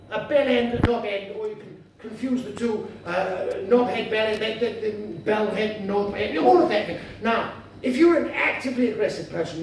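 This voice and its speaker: A bumbling, pompous man, performing stand-up and quick to take offence. His voice sits very high and rings out in a very echoey club room. He is picked up from some distance, with clear noise behind him. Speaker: stand-up comedian in character. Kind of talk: stand-up comedy. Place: comedy club stage. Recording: very echoey room from far off, noisy.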